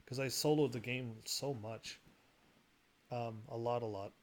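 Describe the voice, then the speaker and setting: A man casually commentating while he plays a game, rambling and quick to laugh at it, with game music behind him. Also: mid-range voice, steady tone. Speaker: gaming video host. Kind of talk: casual let's-play commentary.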